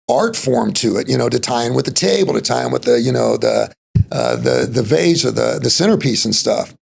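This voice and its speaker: Middle-aged Texan man, Texas accent, chatty interview guest, heavy gravel, husky tone. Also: mid-range voice. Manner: rambling, folksy, full of "you know" and "like". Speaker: podcast guest. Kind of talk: casual interview storytelling.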